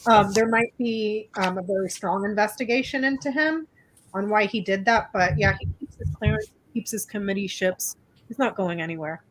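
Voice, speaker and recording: A woman's voice: medium pitch, normal speed, slight background noise, rough recording. A woman co-hosting a live stream, reading her cards hesitantly with many fillers. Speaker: card reader, co-host. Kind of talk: casual live-stream chat.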